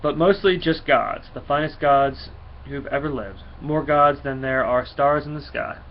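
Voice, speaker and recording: A man's voice: fairly high pitch, a little slow, a little hiss or hum. A man voicing a boastful, hearty male thunder god from a comic, speaking in a proclaiming way. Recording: dull lo-fi recording.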